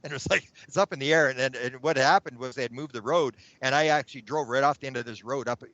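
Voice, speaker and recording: A man tells a story as an interview guest. He gets animated and trips over repeated words as he goes. The recording sounds dull and dry, with no room around the voice. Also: medium pitch, fast, dry recording.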